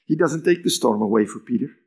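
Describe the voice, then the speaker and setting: Delivering a sermon, a pastor swings from forceful declarations to quiet near-whispers, and his pitch rises animatedly whenever he voices quoted lines. He speaks fast.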